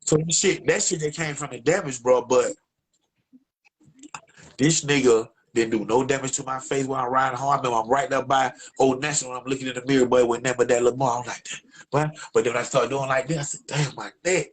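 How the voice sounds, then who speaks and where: Husky-voiced Atlanta man telling a story. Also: medium pitch, fast, low-quality recording. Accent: Atlanta, Georgia. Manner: animated, profane, acts out other voices. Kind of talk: casual storytelling.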